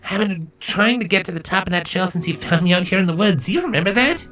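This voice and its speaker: A man's voice: sits high, animated, fast talker, fairly bright tone, pitched above the performer's own voice. A man reading a fanfiction aloud, voicing a shy, earnest young changeling boy. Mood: fond.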